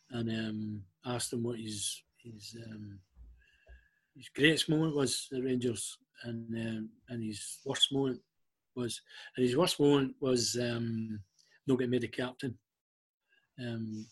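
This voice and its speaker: Husky Scottish man telling stories haltingly. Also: mid-range voice. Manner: halting, with frequent ums and restarts. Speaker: interview guest. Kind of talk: emotional storytelling interview.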